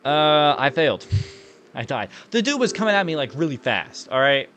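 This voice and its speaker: A young man giving jittery, excitable horror gameplay commentary, often saying "dude". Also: on the high side, fairly quick, slight background noise.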